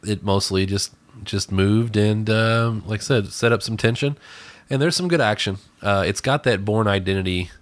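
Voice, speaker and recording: Very deep-voiced man rambling about a movie. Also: moderate pace, no echo. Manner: rambling, with many restarts and fillers. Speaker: podcast co-host reviewing a movie. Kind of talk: casual movie review chat.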